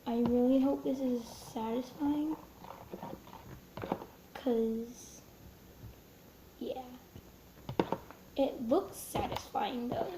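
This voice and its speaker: A woman's voice: sits high, very slow, pauses often. A young woman chatting nervously while making slime for her vlog, sometimes dropping to a whisper. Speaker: vlogger. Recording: echoey room with faint noise.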